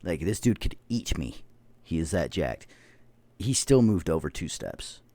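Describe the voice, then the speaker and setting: Man, 30s, podcast host, deep voice, dry sound, casual rambling storyteller with heavy swearing. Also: big pitch swings, unhurried, dark tone, no room sound. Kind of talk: casual chat.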